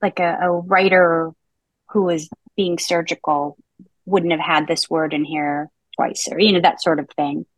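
Low-voiced woman podcast host. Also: fairly even intonation, a little slow, no room sound. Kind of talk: casual book-club chat.

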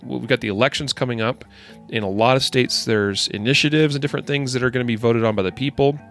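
A man's voice: mid-range voice, fairly bright tone. Upbeat male podcast host. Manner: upbeat, conversational, with fillers and asides. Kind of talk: casual podcast chat and sponsor read. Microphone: screen-sharing video call setup.

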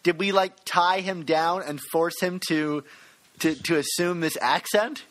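A man co-hosting a podcast in casual chat, playful as he reads listener reviews aloud. His speaking voice sits a little higher than usual for a man. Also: a little slow, fairly bright tone. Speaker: podcast co-host.

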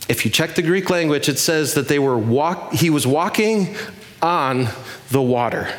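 A man preaching a sermon as pastor, telling the story with lively questions to his listeners. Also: fairly high pitch, measured pace.

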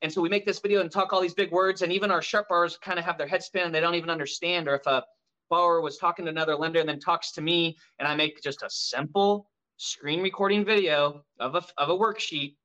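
Guesting on a laid-back podcast, a man talks about operating a mortgage brokerage, telling his stories with lots of animation and energy. His voice is bright, forceful, and a bit high for a male speaker, and he talks fast over dull-sounding audio.

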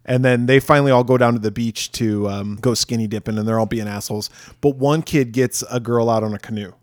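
A man's voice: medium pitch, steady tone, brisk, no echo. A man co-hosting a film podcast, retelling scenes casually, acting out characters, swearing and laughing often. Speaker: podcast co-host.

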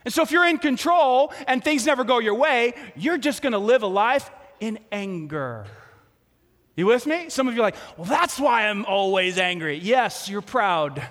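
A man preaching a sermon as pastor, telling a story with lively acted-out quotes. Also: extremely high pitch, normal speed, in a large hall.

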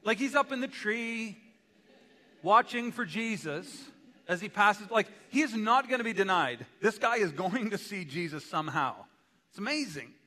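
Male pastor, sermon, chatty with quips, tense bright tone, boomy hall tail. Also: animated, moderate pace. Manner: conversational, with joking asides. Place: church sanctuary. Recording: long church hall reverb.

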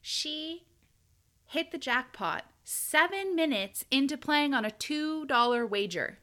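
Young woman podcast cohost, bright voice, a bit high, chatty and laughing. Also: lively intonation, slow pace. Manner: chatty, laughs often, trails off and restarts. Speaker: podcast co-host reading news stories. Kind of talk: casual chat.

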